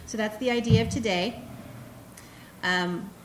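A woman's voice: fairly high pitch, a little slow, rough recording. A woman moderating a live panel discussion in an upbeat, chatty way, asking the audience questions. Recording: live room with background noise.

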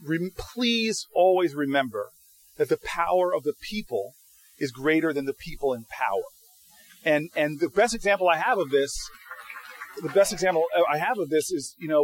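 A man with a high-pitched voice speaks to a live audience as a guest speaker. He tells stories with energy, stumbling and restarting his sentences, and mimics the people in his anecdotes. He sounds like he is speaking in an event hall. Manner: animated storyteller, frequent restarts; acts out quoted people. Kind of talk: answering audience questions.

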